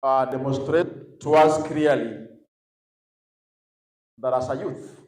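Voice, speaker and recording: A man's voice: medium pitch, slow pace, darkish tone, reverberant, rough recording. A man with a Kenyan accent teaching young people at a conference, often prompting the audience to finish his sentences and slipping in Swahili phrases. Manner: mixes English with Swahili phrases. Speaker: youth conference speaker. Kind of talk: teaching a session to a youth audience. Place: large echoey conference hall.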